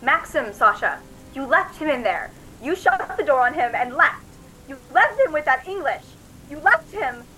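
A woman's voice: fairly high pitch, lively intonation, slow pace, long pauses, pushed and bright, slight background noise, full character voice, poor audio. A woman voicing a possessed teenage girl who taunts in an eerie, cackling voice. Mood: shrieking. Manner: mocking, singsong taunts. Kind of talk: audio drama acting.

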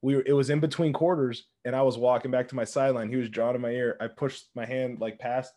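Chill young dude on a podcast telling stories, normal pitched voice. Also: male voice, fairly even intonation, quick pace, mellow. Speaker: podcast co-host. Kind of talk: casual chat.

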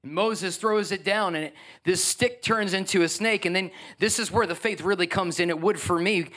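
A man preaching a lively sermon as pastor, acting out the voices of biblical figures. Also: high voice, moderate pace.

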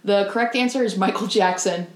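A young woman co-hosting a podcast, teasing and animated, quick to laugh in casual chat. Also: mid-range voice. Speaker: podcast co-host. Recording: roomy echo.

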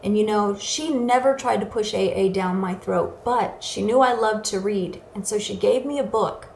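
A woman's voice: mid-range voice, moderate pace, gravelly, darkish tone, a little hiss or hum. A woman giving an earnest, emotional personal testimony as a recovery speaker. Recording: echoey room with faint ambience.

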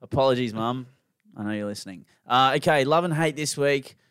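A man's voice: mid-range voice, brisk, a bit bright, clear, resonant tone, no room sound, studio quality. A young Australian man co-hosting a podcast in casual chat, laid-back, laughing often and swearing freely. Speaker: podcast co-host.

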